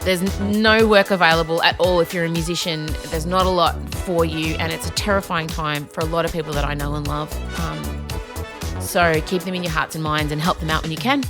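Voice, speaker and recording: A woman hosting a podcast, talking in animated, ranty bursts full of swearing and quick asides. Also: deep voice, over music. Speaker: podcast host. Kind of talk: casual chat.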